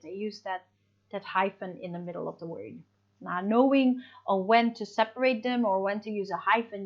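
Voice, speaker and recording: A woman's voice: medium pitch, dull audio. A woman English teacher giving a recorded lesson, explaining patiently and checking in with her students as she goes.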